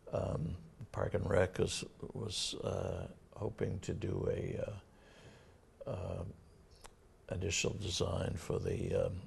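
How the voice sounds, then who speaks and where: Gravelly deep-voiced older Massachusetts man. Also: a little mellow, a little hiss or hum. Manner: halting, many fillers and restarts. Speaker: town administrator. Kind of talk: casual local TV interview.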